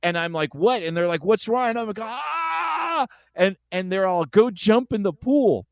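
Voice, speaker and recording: A man's voice: high-pitched, moderate pace, no room sound. A man hosting a podcast in casual chat, telling stories with acted-out voices. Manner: animated storyteller, acts out voices. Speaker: podcast host.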